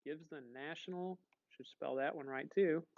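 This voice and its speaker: A male teacher giving a casual classroom lecture, animated and quizzing the class. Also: on the high side, normal speed, creaky, dull audio.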